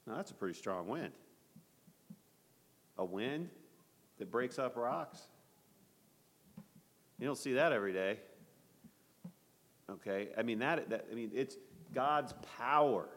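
A man's voice: fairly low pitch, expressive, a little slow, pauses often. Bible study leader, male, conversational, asks the room questions, echoey hall.

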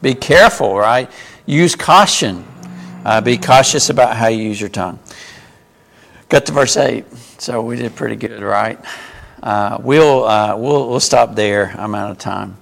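A man's voice: medium pitch, measured pace, creaky, a bit bright. A man teaching a group Bible class in a conversational way, asking the group questions as he goes.

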